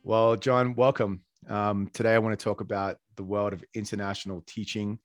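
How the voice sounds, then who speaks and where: An Australian man hosts a relaxed podcast chat, talking in a fairly low voice. He rambles a little, with fillers and restarts. The sound is dry and close, with little room in it. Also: moderate pace, no room sound, soft background music. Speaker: podcast host. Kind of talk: casual podcast interview. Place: Colombia.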